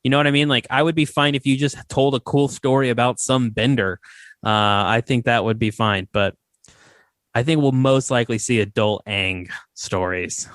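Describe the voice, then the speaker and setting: A man's voice: mid-range voice, normal speed, no echo, studio quality. A man hosting a podcast, chatting casually and giving opinions with lots of fillers. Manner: relaxed, opinionated, many fillers. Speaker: podcast host. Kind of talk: casual chat.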